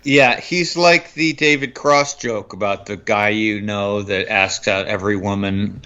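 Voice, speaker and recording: A man co-hosting a film review podcast, talking casually and halting now and then to restart a thought. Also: fairly low pitch, pushed and bright, dull audio. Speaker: podcast co-host.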